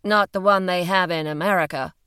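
A woman reading an audiobook, voicing a brisk, chatty female investigator who speaks eagerly and openly. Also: on the low side, fairly even intonation, bright, forceful tone, clean tone, dry recording, studio quality. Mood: chatty, candid.

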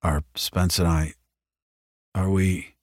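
A man voicing a weary, wary male space marine who asks quiet, guarded questions. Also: sits low, steady tone, slow, no echo, studio quality.

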